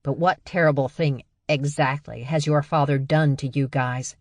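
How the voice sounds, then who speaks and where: A woman's voice: low voice, steady tone, moderate pace, dry recording, natural voice. Casting: nosy, prodding woman woman reading, dry close sound. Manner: curious, prodding. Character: nosy, curious bear-shifter woman.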